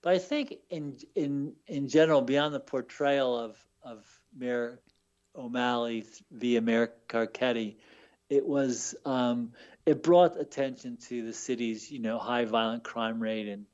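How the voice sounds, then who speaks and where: A man's voice: mid-range voice, unhurried, a little mellow, muffled recording. A man from Baltimore, a book author being interviewed on the radio, telling stories with lots of fillers and repeated words. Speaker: author guest. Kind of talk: casual radio interview storytelling.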